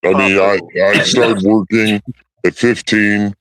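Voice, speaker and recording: A man's voice: lowish voice, flat delivery, slow, fairly bright tone, no room sound. A man on a live stream call, talking bluntly, swearing often and laughing a lot. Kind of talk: casual chat.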